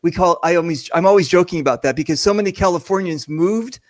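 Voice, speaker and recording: A man's voice: high-pitched, fast talker, no room sound. A man hosting a casual video-call chat, joking and rambling with lots of fillers. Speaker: host.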